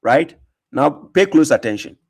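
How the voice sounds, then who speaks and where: A man's voice: fairly high pitch, lively intonation, measured pace, darkish tone, breathy edge. A man hosting a reaction commentary, talking in a mocking, emphatic way, laughing often and repeating words. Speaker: host reacting to a video.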